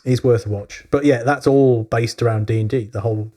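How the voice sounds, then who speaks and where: A man hosting a podcast, talking in a relaxed, conversational way with quick asides. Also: mid-range voice. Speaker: podcast host. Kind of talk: casual podcast chat.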